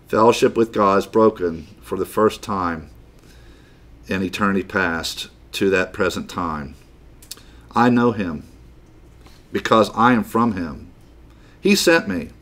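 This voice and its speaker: Slow, emphatic male Bible teacher. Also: on the low side, a bit bright. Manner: emphatic, repeats key phrases for stress; explains Greek words to listeners. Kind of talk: verse-by-verse Bible class teaching.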